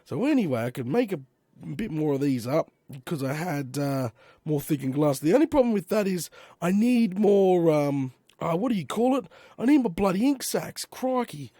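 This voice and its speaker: An Australian man with a hoarse, failing voice, chatting casually to himself while he plays a game. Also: a little high, sing-song, moderate pace, warm tone, no room sound. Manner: chatty, muttering to himself with slang exclamations. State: hoarse, losing his voice. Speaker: gaming YouTuber. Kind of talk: casual gameplay commentary.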